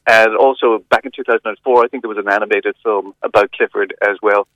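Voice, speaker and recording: A middle-aged man reviewing a film over the phone, chatty and hesitant, with many restarts and lively emphasis. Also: on the low side, fast, no room sound. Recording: dull phone line.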